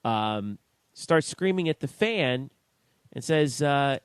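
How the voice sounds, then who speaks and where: A man co-hosting a sports talk podcast, reading out statistics in a slow, measured way. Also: medium pitch, lively intonation, clean tone, no echo. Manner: reads out stats in a slow, measured way. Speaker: podcast co-host.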